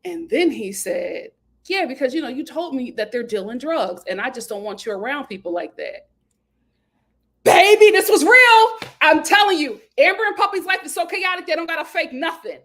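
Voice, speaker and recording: A woman chats through a reality show recap with plenty of sass. Her voice sits high and jumps around a lot as she acts out the cast's quotes. She laughs loudly and talks straight into a close mic. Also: a little fast. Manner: animated and sassy, acting out quotes with big laughs. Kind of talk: casual chat recap.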